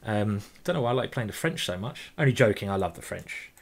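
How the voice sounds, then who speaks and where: A man's voice: lowish voice, expressive, brisk, creaky. An English man giving chatty live commentary while playing blitz chess, thinking aloud and joking with casual swearing. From England. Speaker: chess grandmaster streamer.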